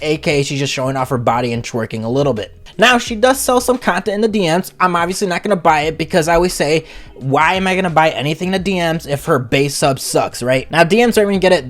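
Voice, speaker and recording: A man hosting a comedic review vlog, talking in a crude, profane, rambling rant. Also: fairly high pitch. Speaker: channel host, reviewer.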